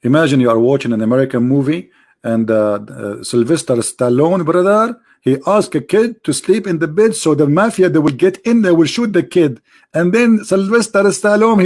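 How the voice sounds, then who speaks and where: A man's voice: a little high, normal speed, darkish tone. Sarcastic man with an Arabic accent. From Arab world. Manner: sarcastic, mocking, full of rhetorical questions; loose, broken grammar with many "like" and "brother". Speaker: host of a live debate stream. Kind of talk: casual live-stream talk.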